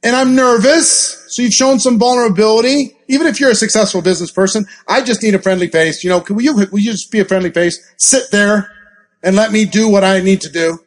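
A man giving a live sales training talk, acting out sample scripts in an animated, coaching manner. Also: sits high, brisk. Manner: animated, acts out scripts and gasps for effect. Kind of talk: live training talk with role-play examples.

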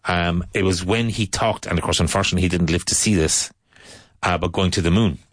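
A man with an Irish accent explaining patiently in casual talk, pausing to search for words, as a teacher. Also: low-pitched, no echo.

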